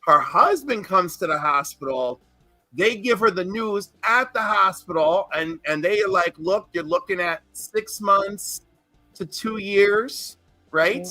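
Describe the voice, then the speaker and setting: A man's voice: high voice, expressive, takes it slowly, sharp tone, no echo, soft background music. A man in casual podcast chat, telling a long personal story in a rambling, earnest way and swearing freely. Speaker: podcast co-host.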